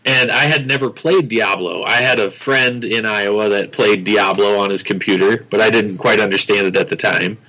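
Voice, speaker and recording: A man's voice: on the low side, normal speed, few pauses, bright, forceful tone. A man co-hosting a casual podcast chat, telling stories in an easygoing way. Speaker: podcast co-host. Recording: dull lo-fi sound.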